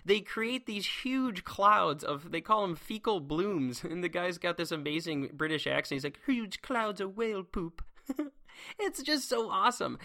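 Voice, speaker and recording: Hyped-up science teacher guy rambling on his own, kinda high bright voice. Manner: excitable and enthusiastic, rambling with restarts. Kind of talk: casual solo monologue.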